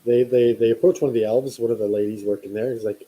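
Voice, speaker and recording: Dark, husky-voiced man telling a story. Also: mid-range voice, steady tone, fast talker, low-quality recording. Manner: rambling, many fillers and restarts. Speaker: podcast host. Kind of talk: casual storytelling.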